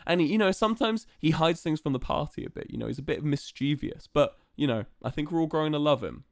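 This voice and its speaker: A man's voice: fairly high pitch, fast, creaky, no room sound, clean studio sound. Young man chatting playfully on stream. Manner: playful, animated, chatty with many fillers. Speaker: live streamer. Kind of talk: casual live-stream chat to viewers.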